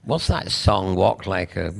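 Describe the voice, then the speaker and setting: Brief: older man, rambling and playful, with a gravelly, lively voice. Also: low-pitched, unhurried. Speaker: game show judge. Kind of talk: live comedy game show banter.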